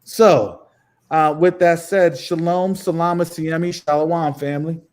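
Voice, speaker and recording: A man with a fairly high voice delivers fervent religious commentary. He preaches emphatically and hammers points home by repeating phrases. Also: fairly even intonation, unhurried, a little mellow.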